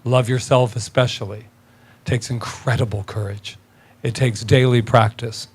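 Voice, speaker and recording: A male minister giving an animated, conversational sermon in a church, laughing often and rising in pitch as he gets excited. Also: a little slow, slightly rough. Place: church sanctuary.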